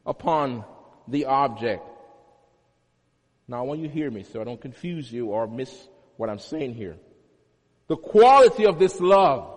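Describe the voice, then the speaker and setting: A male pastor preaching a sermon, teaching with emphatic repetition and homely everyday examples. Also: sits high. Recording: long hall reverb.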